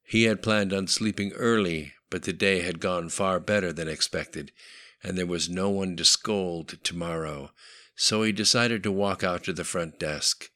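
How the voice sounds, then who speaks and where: A man narrating a novel audiobook in a steady, matter-of-fact way. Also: low-pitched, unhurried.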